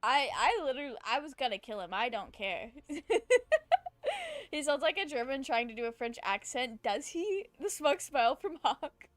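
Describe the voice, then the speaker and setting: Woman, game streamer, playful chatty commentary, high voice, dry close mic. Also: animated, brisk, few pauses, fairly bright tone, no echo. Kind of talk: casual live-stream commentary.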